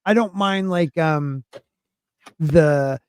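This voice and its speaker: Speaking very slowly, a man whose voice is on the high side, a little mellow and clean-toned co-hosts a podcast. The recording is dry with clean studio sound. His casual anime chat rambles, with many restarts.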